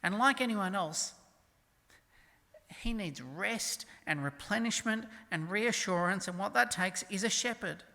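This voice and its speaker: A preacher delivering a sermon with emphasis, swinging from loud declarations to hushed near-whispers and reading scripture slowly and softly. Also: medium pitch, in a large hall. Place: church.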